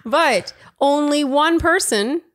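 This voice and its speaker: A woman's voice: high-pitched, takes it slowly, dry recording. A woman co-hosting a podcast, chatting casually about a TV episode, laughing often and trailing off mid-sentence. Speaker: podcast co-host. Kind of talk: casual chat recapping a TV show.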